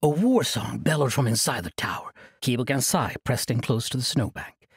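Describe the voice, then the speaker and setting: A man narrating a fantasy audiobook in an expressive storytelling manner. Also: medium pitch, moderate pace, creaky, slightly rough, no echo, studio quality.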